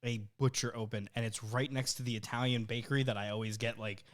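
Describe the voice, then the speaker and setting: A man's voice: mid-range voice, quick pace. Laughing New guy telling stories. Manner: animated storyteller, acts out voices and laughs often. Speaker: podcast co-host. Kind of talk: casual chat.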